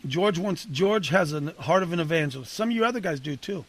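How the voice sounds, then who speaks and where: A man's voice: fairly high pitch, animated, fairly quick, a bit bright. A man coaching and casually preaching to a men's group, conversational and punchy, calling on listeners by name.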